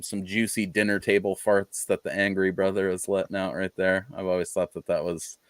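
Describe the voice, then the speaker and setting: A man's voice: low voice, little pitch movement, moderate pace, few pauses, no echo. A man co-hosting a podcast in casual chat, laid-back and rambling, swearing freely. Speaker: podcast co-host.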